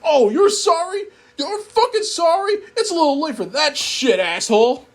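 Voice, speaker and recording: A man voicing a foul-mouthed, furious male skeleton in a shouty, strained high voice. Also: big pitch swings, normal speed.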